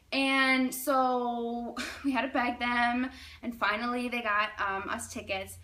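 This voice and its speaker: A young woman in her twenties tells a casual personal anecdote with animated, dramatic delivery. Her voice is high and bright, and "like" peppers her sentences. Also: a little slow. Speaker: storyteller.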